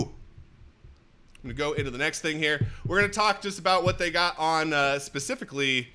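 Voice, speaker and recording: A man in his thirties hosts a casual livestream, joking, swearing and laughing as he talks. His voice is bright and a little high, and his pitch jumps around a lot. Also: brisk. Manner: energetic, jokey, swears, laughs often. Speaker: host.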